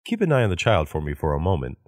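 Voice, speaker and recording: Deep-voiced man reading practice sentences. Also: big pitch swings, darkish tone, no room sound, clean studio sound. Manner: measured, repeats each sentence after the woman. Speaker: English phrase reader. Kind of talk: read-aloud of practice sentences.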